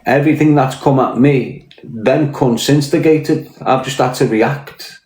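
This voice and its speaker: A man's voice: medium pitch, a little slow, darkish tone, echoey room. A man with a Scouse accent from Liverpool, hosting a casual live-stream. He talks bluntly, swears heavily and confronts people. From Liverpool, England. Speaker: podcast host.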